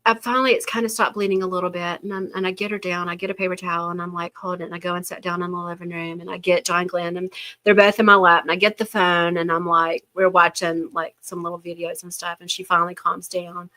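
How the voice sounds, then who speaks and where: An older woman, hosting a casual chat and telling stories in an animated way, acting out the voices she quotes. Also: on the low side, fast talker, low-quality recording. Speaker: host of a yarn shop show.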